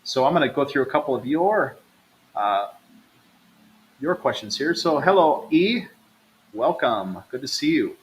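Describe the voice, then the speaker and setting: A man's voice: medium pitch, sing-song, measured pace, pauses often, a little hiss or hum, poor audio. A man hosting a live travel stream, chatting casually and reading out viewer comments in an upbeat way. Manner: chatty, upbeat, addresses viewers as "you guys". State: low energy, recovering from stomach trouble.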